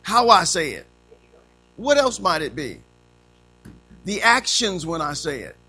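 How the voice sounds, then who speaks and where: Preaching at a measured pace in a voice that sits high, a fifty-something man tells humorous stories from the pulpit. He brings them to life by acting out the quotes and voices.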